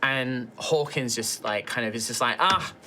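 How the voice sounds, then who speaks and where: A man's voice: mid-range voice, steady tone, moderate pace, noisy background. A man narrating as game master, in a loose, chatty way with many fillers.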